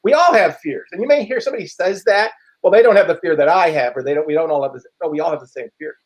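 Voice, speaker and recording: A man, a life coach and guest in a casual lunch conversation, explaining his ideas in a measured, reflective, teacherly way. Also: fairly high pitch, low-quality recording. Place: at a lunch table.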